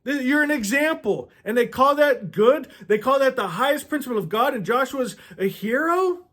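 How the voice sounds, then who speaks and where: A man's voice: very high-pitched, animated, moderate pace, a bit bright. A man giving an impassioned preaching monologue as a spiritual speaker, stammering and restarting often and firing off rhetorical questions.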